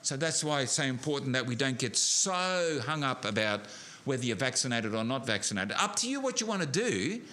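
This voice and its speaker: A middle-aged man preaching a sermon, animated, building to emphatic peaks with frequent restarts. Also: medium pitch, a little fast.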